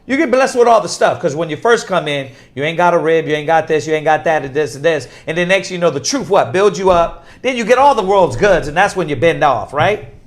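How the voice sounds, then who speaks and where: A man's voice: on the high side, lively intonation, fairly quick. A man teaching scripture to a class, emphatic and repetitive, firing off rhetorical questions. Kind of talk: preaching in a class.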